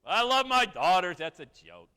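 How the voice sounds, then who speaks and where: This motivational speaker, a Western New York man in his forties, has a high-pitched, smooth voice and a moderate pace. In an event hall with a long reverb tail, he tells a personal story in a keynote, lively and tossing joking asides to the crowd.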